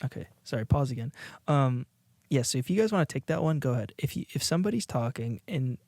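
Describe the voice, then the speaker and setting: A man's voice: mid-range voice, expressive, fast talker, a little mellow, no echo. A man co-hosting a podcast, rambling in casual chat with frequent laughs and restarts. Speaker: podcast co-host. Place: indoors, watching a video while recording.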